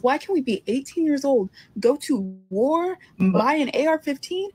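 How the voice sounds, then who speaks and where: A woman's voice: sits high, very animated, a little slow, a little mellow, no room sound. A woman in a social media clip, indignantly listing her grievances in a complaining monologue.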